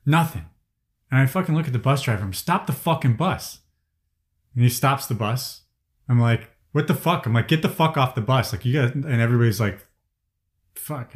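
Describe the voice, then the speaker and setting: A man in his thirties from the Chicago area, telling personal stories in a casual group conversation, cursing often and getting louder as he gets angry. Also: lowish voice. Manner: profane, heated storytelling, voice rising when angry. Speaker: guest sharing personal stories.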